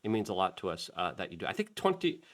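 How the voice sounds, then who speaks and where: A man's voice: low-pitched, big pitch swings, fast talker. A middle-aged man hosting a talk show, commenting on a clip with heated, emphatic bursts. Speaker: show host.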